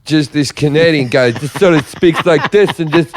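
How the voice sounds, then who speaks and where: A man's voice: on the high side, normal speed. Male comedian spinning rambling anecdotes. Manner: rambling anecdotes with blunt swearing. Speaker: comedian podcast co-host. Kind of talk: casual storytelling chat.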